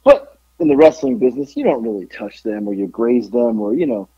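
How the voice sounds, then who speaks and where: A man telling wrestling stories in a casual podcast chat, profane, jumping into loud voices when quoting people. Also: mid-range voice, brisk, gravelly, husky, no echo, muffled recording. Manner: animated, profane, acts out quotes in raised voice. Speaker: podcast guest, former pro wrestler. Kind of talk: casual storytelling.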